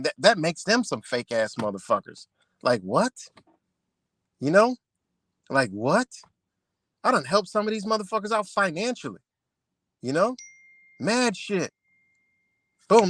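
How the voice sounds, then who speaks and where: A man with rants heatedly on a livestream, cursing and repeating himself as he confronts a rival. His voice sits a little high for a man, and the sound is dry and close. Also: fairly bright tone, no room sound. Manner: profane, confrontational, repetitive. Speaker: livestream host.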